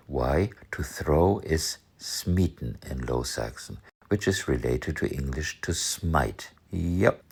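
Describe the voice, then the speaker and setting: A man from northern Germany giving a language lesson, explaining words calmly and reading example sentences in a dry, measured way. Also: extremely low pitch, gravelly, husky. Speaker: language educator.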